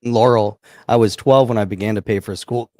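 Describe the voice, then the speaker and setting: A man's voice: fairly low pitch, fairly even intonation, a little fast, dark tone, no echo, clean studio sound. A man co-hosting a live stream podcast, chatting upbeat and reading out viewer comments. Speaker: podcast co-host.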